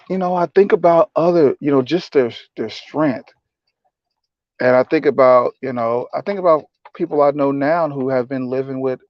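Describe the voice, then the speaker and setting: A man speaking softly and haltingly as he shares personal memories in a reflective talk, emotional and tearful at times. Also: medium pitch, no room sound, muffled recording. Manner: soft-spoken, halting, emotional. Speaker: advocate sharing personal memories. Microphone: personal mic.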